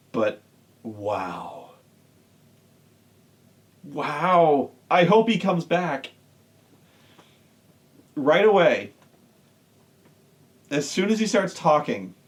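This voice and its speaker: Sarcastic man ranting about wrestling. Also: on the high side. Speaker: online wrestling reviewer. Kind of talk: casual ranting commentary.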